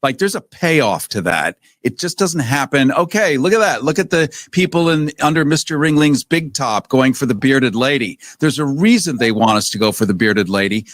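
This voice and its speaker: A man's voice: mid-range voice, animated, moderate pace, few pauses, a bit bright, dry recording. Wry male radio host, dry studio sound. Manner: wry, jokey. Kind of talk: live radio interview.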